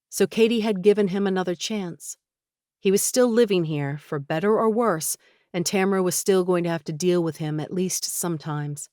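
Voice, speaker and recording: A woman reads a novel aloud in a measured, gently expressive way. Her voice sits a little low, and the recording is dry and close. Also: no room sound. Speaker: audiobook narrator. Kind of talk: scripted audiobook narration.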